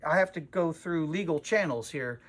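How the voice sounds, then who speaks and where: A man's voice: on the high side, normal speed, fairly bright tone. A man who runs a comic shop, venting in a casual vlog with a profane, self-mocking manner, recorded in his shop.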